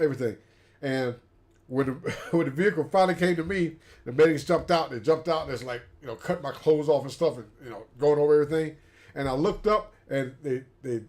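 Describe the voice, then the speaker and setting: A man on a livestream telling a story about being injured as a paratrooper, acting out the dialogue. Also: mid-range voice. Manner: animated storyteller, acts out quotes, laughs. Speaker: livestream host, former paratrooper. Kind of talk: casual storytelling.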